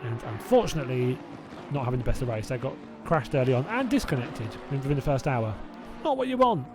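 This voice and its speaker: A man's voice: medium pitch, lively intonation, a little fast, music in the background. A young man casually hosting a live sim racing watch-along, chatty and reacting aloud, laughing often. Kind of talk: casual live-stream chat.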